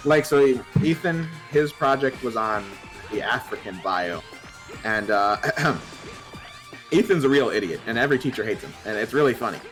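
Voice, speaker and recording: A young man streaming and chatting casually, telling lively stories, laughing often and swearing freely. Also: medium pitch, normal speed, over music. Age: young adult. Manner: animated storyteller who laughs a lot, swears. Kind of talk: casual chat.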